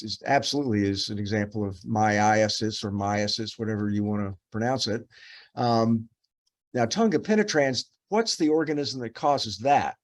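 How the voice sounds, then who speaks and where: A middle-aged man, a dermatopathologist, reviewing cases with a resident, talking in a loose, rambling way with many fillers and restarts. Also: lowish voice. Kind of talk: case review teaching.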